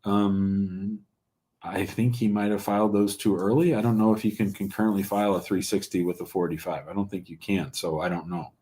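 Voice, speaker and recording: A man's voice: deep voice, steady tone, a little fast, warm tone. A man hosting a live call-in show, giving blunt, plain-spoken immigration advice to callers and viewers.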